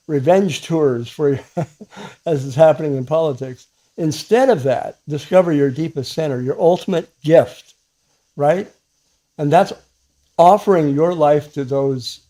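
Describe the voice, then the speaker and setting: A Christian teacher with a voice on the high side gives a casual spiritual talk to camera. His speech halts often, with many fillers, restarts, and soft chuckles.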